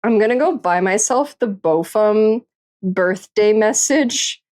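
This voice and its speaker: A woman's voice: medium pitch, lively intonation, slow pace, a little mellow. A woman livestreamer chatting casually late at night, tired and a little tipsy, giggling often and swearing freely as she rambles. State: tired and tipsy after drinking.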